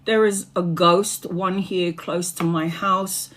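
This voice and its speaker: A woman chatting casually on a phone live stream as a tarot reader, animated and laughing often, swearing freely and sounding tired after hours live. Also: lowish voice, slow.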